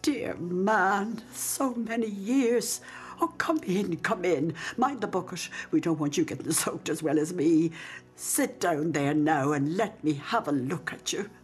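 A woman's voice: on the low side, measured pace, faint music behind, close to an everyday voice. An older woman with an Irish accent narrating and playing a devoted, outspoken old nanny in a radio drama. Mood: joyful, flustered. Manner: storytelling narration with lively, emphatic speech. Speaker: narrator and character.

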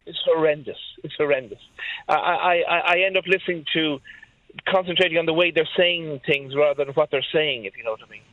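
A man's voice: on the high side, a little fast, no room sound. A man with a suburban Dublin accent calling a radio show, emphatic and stammering over restarts. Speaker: caller. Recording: tinny phone line.

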